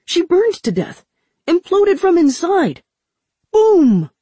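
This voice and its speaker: A woman voicing a cheeky, nosy teenage boy soldier who teases loudly in a raised, high voice. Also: very animated, normal speed, breathy edge, no echo, exaggerated voice. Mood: gleeful. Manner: high, loud and teasing.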